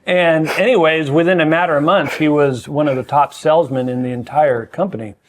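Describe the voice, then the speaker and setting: An older man guesting on a podcast as a mentor, speaking in an earnest, measured, emphatic way. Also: fairly high pitch, steady tone. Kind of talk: reflective conversation.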